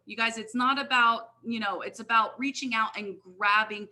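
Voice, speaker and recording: A middle-aged woman with a high, ringing voice speaks at a live company event. Her tone is bright and forceful as she rallies her listeners with motivational enthusiasm. She talks directly to the crowd, calling them "you guys" again and again. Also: moderate pace. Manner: energetic, keeps addressing the crowd as "you guys". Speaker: guest speaker, network marketing leader.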